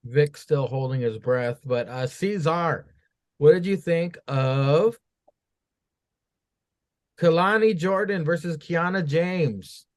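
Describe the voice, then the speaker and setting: A man's voice: fairly high pitch, slow, long pauses. Man hosting a casual podcast. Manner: prompting co-hosts with questions. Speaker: podcast host.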